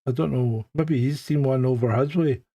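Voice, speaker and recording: A man's voice: mid-range voice, normal speed, mellow, muffled recording. A man from Scotland co-hosting a live stream in a joking, chatty way, often restarting sentences. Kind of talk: casual chat.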